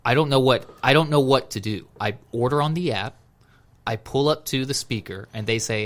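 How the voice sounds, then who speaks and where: A man chatting casually on a podcast, telling animated stories and calling his friends "dude" and "bro". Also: mid-range voice, normal speed. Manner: animated storytelling, acts out quoted exchanges; says "dude" and "bro" a lot. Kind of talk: casual chat.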